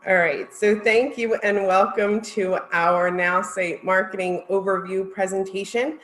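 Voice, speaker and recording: A woman's voice: mid-range voice, steady tone, measured pace, a bit bright, echoey room, rough recording. A woman presenting at a virtual conference, heartfelt and close to tears as she thanks her audience. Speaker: marketing executive presenter.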